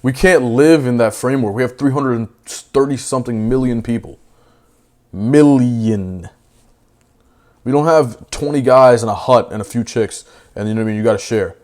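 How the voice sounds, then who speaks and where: A young man in a heated casual debate, brash and profane, full of slang, swinging between loud outbursts and fast asides. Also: medium pitch. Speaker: debate panelist.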